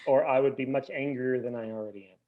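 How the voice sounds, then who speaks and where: A man guesting on a casual podcast chat, ranting in a mock-indignant, animated way. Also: medium pitch, fast talker. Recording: dull lo-fi sound.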